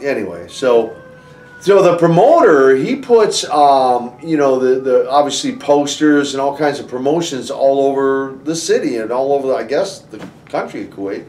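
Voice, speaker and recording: Guy spinning an animated story, lots of you-knows, kinda roomy and off-mic. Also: medium pitch, moderate pace, a little hiss or hum. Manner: animated, many restarts and "you know"s. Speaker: interview guest, former wrestler. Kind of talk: conversational storytelling. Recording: roomy, somewhat distant from the mic.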